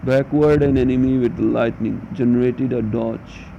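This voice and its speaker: A man's voice: medium pitch, fairly even intonation, normal speed, creaky. A man doing let's play commentary of a text game, reading it aloud while swearing and grumbling, in a muffled recording with a faint hum. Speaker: gamer.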